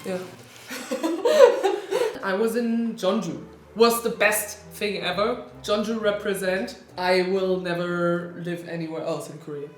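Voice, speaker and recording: A young woman from Germany, a native German speaker, chatting casually in English and acting out quotes with lively energy. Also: medium pitch, takes it slowly. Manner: animated, acts out quotes, laughs often. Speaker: co-host. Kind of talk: casual chat. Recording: echoey room.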